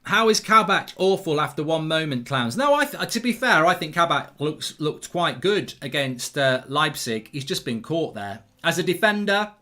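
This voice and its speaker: A man hosting a live football watchalong, chatting excitably and rambling between the match action and viewer comments. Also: on the high side, moderate pace, few pauses.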